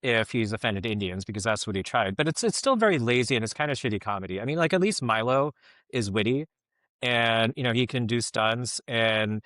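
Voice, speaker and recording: A man's voice: medium pitch, expressive, brisk, a bit bright, dry recording, clean studio sound. A middle-aged man giving casual podcast commentary, rambling and filling his talk with "like, you know".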